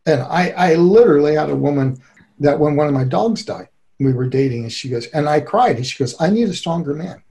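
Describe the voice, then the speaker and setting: Middle-aged guy talking relationships in an interview, kinda gravelly, mellow low-ish tone, earnest and laughs a lot. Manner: earnest, animated, quick to laugh. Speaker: guest expert on relationships. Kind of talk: conversational interview.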